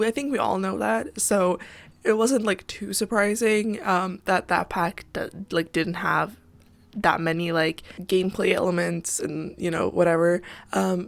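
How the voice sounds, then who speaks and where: A woman's voice: medium pitch, gravelly. Congested young woman chatting casually. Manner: chatty, rambling with many ums and likes. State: sick, congested, stuffy nose. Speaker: Sims builder vlogger. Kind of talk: casual voice-over chat.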